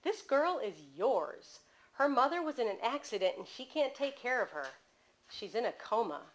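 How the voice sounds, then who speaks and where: A woman's voice: a little high, sing-song, moderate pace. A woman reading aloud voices a worn-out, blunt middle-aged woman who speaks in short, weary sentences. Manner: weary, terse.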